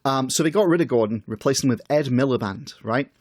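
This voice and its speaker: Man, podcast co-host, dry close mic, wry reading voice, mid pitch. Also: brisk, dry recording. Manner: wry, reads quotes then comments dryly. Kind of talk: casual chat, reading out manifesto.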